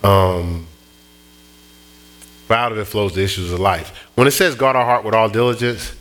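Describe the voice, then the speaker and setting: A middle-aged man preaching a sermon, telling stories in an animated way with many restarts and repeats. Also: on the low side, normal speed. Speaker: pastor.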